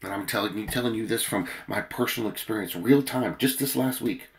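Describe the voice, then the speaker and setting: A worn-out man giving an earnest daily devotional sermon and reading scripture aloud, his loudness swelling and dropping for emphasis. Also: fairly low pitch, fairly quick, gravelly. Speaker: preacher leading a daily prayer.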